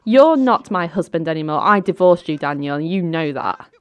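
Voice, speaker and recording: A woman voicing a sharp-tongued, curt divorced mother of 39 who stands up to her ex-husband. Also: deep voice, unhurried, clean tone, no room sound. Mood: defiant. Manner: curt, dismissive.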